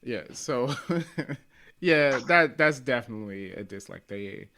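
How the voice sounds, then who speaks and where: Guy hosting a movie podcast, gets animated, laughs a lot, plays out quotes. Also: medium pitch, slow pace, creaky. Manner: animated, laughs often, acts out lines. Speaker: podcast host. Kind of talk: casual movie review chat.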